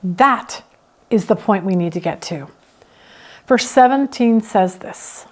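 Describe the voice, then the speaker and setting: A woman leading a Bible study, reading scripture and teaching, who acts out the psalmist's complaints with feeling. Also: moderate pace. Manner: expressive, acts out the psalmist's complaints with rising pitch.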